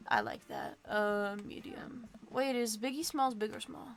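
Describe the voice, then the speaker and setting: A woman's voice: a little high, sing-song, unhurried. Goofy rambling woman streamer. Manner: goofy, rambling, self-joking. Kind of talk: live playthrough, reading game text aloud.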